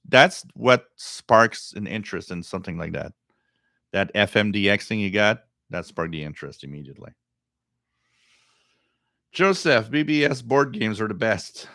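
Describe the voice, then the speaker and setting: A middle-aged man with a deep voice hosting a radio live stream, chatting casually and reading viewer comments, rambling and repeating words. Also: lively intonation, measured pace, bright, forceful tone, dry recording, clean studio sound.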